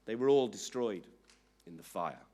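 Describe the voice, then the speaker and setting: A man's voice: lowish voice, lively intonation, warm tone. Man reading a solemn statement. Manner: slow, measured, solemn reading. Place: public inquiry hearing room.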